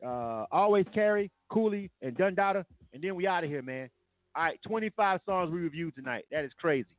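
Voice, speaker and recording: High-voiced man hosting over a tinny line. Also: lively intonation, brisk, no echo. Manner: loose and rambling, with many fillers. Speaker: radio show host. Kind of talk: live music review show, casual talk. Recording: tinny phone-like sound.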